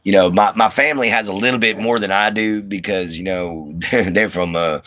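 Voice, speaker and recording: Broadcasting to his viewers from an RV, this Southern US livestream host rambles in a relaxed way, full of fillers and false starts, with a slight twang. He speaks at a moderate pace in a lowish, fairly bright voice with fairly even intonation. There's no room sound.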